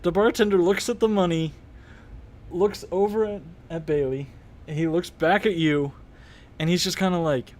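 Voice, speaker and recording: Casting: young man, game master on a stream, rambling, slightly high voice. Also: normal speed, darkish tone. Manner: rambling, many fillers, laughs at himself. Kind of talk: narrating a live-streamed tabletop game.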